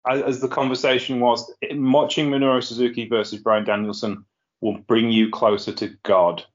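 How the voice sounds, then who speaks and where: A man's voice: mid-range voice, flat delivery, normal speed. A man hosting a casual podcast, chatty and rambling, often laughing at his own jokes. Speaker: podcast host. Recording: lo-fi muffled sound.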